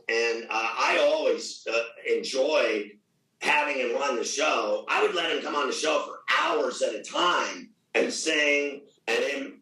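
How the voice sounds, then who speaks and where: A middle-aged man with a gravelly voice, talking loudly, boastfully and with a lot of swearing in a casual interview. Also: medium pitch, far from the mic. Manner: loud, profane, boastful. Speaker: radio host guest. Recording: echoey room, off mic.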